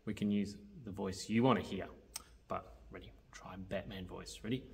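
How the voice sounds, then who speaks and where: A man's voice: sits low, steady tone, normal speed, gravelly, a little mellow. A man presenting a children's church video, talking in a friendly way straight to the kids watching. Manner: friendly, talks directly to children.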